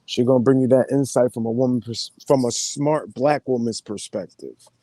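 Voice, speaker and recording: A man live streaming in relaxed, slangy casual chat, greeting his viewers as he talks. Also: mid-range voice, normal speed, no echo.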